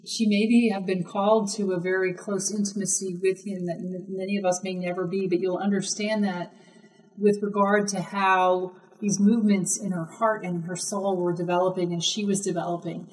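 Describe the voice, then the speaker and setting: A woman's voice: fairly low pitch, recorded from a distance, poor audio. Woman, radio co-host, earnest, a little hesitant, sits back from the mic. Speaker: co-host discussing a book. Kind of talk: casual radio talk.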